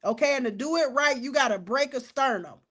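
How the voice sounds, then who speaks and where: Heated woman in her 40s ranting about a case, high voice, talks right to the viewers. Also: fairly quick. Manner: animated, outspoken, cusses and addresses viewers as y'all. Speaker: true crime commentator. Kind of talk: fired-up casual commentary.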